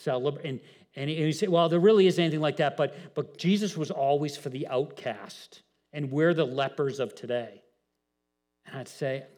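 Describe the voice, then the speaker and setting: Guy pastor preaching, talky and casual, repeats himself, gets louder on the big points. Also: mid-range voice. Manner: conversational, repeats words, voice rises when emphatic. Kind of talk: sermon.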